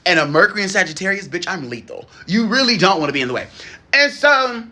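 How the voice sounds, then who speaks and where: A man giving a casual monologue as a spiritual coach, animated and sassy, swearing freely and laughing often. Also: high-pitched, fast talker.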